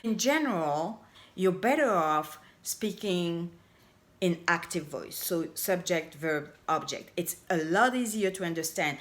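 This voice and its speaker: A middle-aged woman coaching on language, giving an upbeat, emphatic grammar lesson and slowly stretching out her example phrases. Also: lowish voice, lively intonation. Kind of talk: casual explainer lesson to camera.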